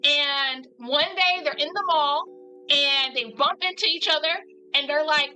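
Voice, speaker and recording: A woman's voice: high voice, measured pace, bright, forceful tone, faint music behind, rough recording. A woman chatting casually and animatedly with her viewers while drawing live, in a rambling style.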